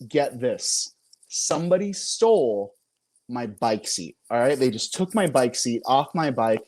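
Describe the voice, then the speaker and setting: A man's voice: medium pitch, animated, measured pace, a little mellow. A young man doing a self-mocking stand-up set, chuckling between jokes. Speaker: comedian and show host.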